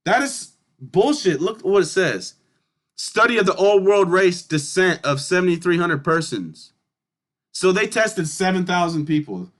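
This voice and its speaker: High-voiced man, blunt, emphatic commentary. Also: sing-song, unhurried, a bit bright. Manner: emphatic and blunt, swears, keeps addressing viewers as y'all. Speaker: channel host. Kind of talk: casual commentary reading through historical charts.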